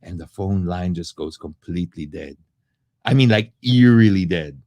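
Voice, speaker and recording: A man hosting a live question-and-answer stream, telling a story in a chatty, animated way and acting out the people in it. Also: deep voice, normal speed, no room sound. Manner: animated, acts out the people in his stories; conversational, with frequent asides and fillers. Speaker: host answering viewer questions.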